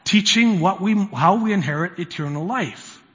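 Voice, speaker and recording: A pastor with a high, light voice delivers a sermon in a casual, conversational way, leaning hard into key words. His voice rings out with a long reverb through the church sanctuary, and the sound is slightly dull and muffled. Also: moderate pace, fairly bright tone.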